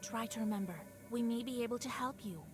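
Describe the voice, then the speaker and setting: An actress playing a resolute young woman demon hunter in a video game, speaking calmly and firmly. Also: fairly high pitch, fast, music in the background, lightly acted. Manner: calm, firm. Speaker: game character.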